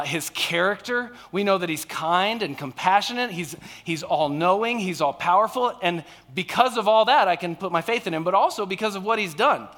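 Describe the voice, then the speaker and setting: Man preaching on stage, chatty and engaging; notably high, sharp tone. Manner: conversational, frequent "all right?" and "okay?" check-ins. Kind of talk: sermon.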